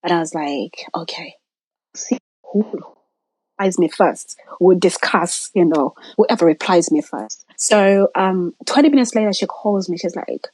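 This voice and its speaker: Woman, story guest, low husky voice, dry close sound. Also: normal speed, no room sound, poor audio. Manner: animated retelling, acting out quoted voices, drops to near-whispers. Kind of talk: personal storytelling.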